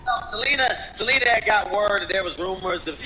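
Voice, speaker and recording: A man doing an impression of a brash male comedian, roasting someone with shouted, profane stand-up delivery. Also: high voice, animated, quick pace, full character voice, rough recording. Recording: loud background noise.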